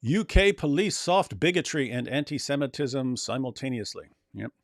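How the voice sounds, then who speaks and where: Casual male co-host, loose and chatty, mid-pitched, dry close mic, now and then a mocking put-on voice. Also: animated, normal speed, dry recording. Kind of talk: casual political chat.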